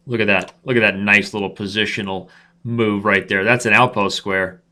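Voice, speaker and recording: Man, 30s, live chess commentary, teasing, forceful, lowish pitch. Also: a little slow. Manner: playful trash talk, talks to himself and viewers. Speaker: chess streamer host.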